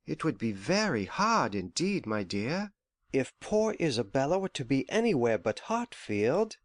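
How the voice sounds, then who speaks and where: An actor playing a gentle, anxious elderly father who frets and complains softly in an audiobook. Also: medium pitch, sing-song, unhurried, no echo. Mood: fretful. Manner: worried, lingering, softly complaining. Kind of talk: audiobook character voice.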